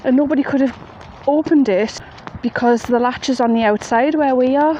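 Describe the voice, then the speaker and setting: A woman's voice: high voice, normal speed, warm tone, dull audio. A woman telling a ghost story in a chatty, plain-spoken way, outdoors at night in the rain. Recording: faint rain noise behind.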